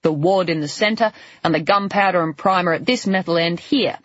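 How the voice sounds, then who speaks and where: A man playing a shooting instructor who speaks in a measured, deadpan, instructing manner. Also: high voice, dry recording, highs cut off. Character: brisk male shooting instructor.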